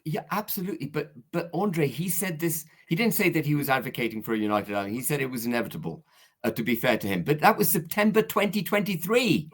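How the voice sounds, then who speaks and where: A man's voice: mid-range voice, fast talker. A man arguing his case in a heated political discussion, emphatic and insistent, pressing on over interruptions. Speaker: political guest.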